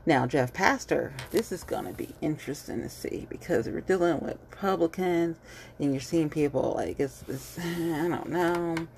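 A woman's voice: sits low, moderate pace, darkish tone, slight background noise. A woman ranting bluntly and heatedly in casual commentary, cursing freely and repeating herself with lots of fillers. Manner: fillers and repetitions. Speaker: vlogger.

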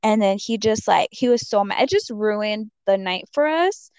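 A woman's voice: mid-range voice, lively intonation, moderate pace, darkish tone, clean tone, dry recording. A woman telling a story in casual chat, rambling with many fillers and acting out the quotes. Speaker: storyteller in a conversation. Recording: dull dry lo-fi audio.

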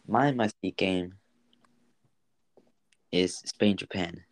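Brief: young male co-host, low gravelly voice, matter-of-fact sports talk, dry close mic. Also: very slow, no echo, rough recording. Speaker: podcast co-host. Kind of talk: casual sports chat.

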